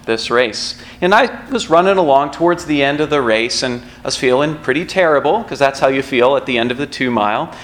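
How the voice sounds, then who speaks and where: A man's voice: medium pitch, fairly bright tone. A man pastor preaching a sermon in a church, in a conversational storytelling manner with asides.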